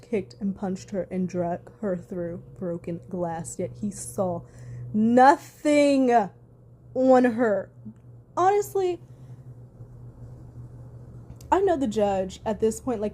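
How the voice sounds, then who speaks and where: A little high and warm, this woman's voice comes with slight background noise. She's a vlogger doing casual reaction commentary on her channel, swearing hard for emphasis in a heated, sarcastic way full of sarcastic asides.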